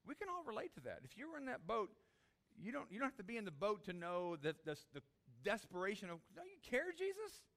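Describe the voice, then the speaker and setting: A man's voice: high voice, very animated, fast, vocal fry, a bit bright. A man preaching a sermon, acting out the disciples' pleas in a raised voice. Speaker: pastor.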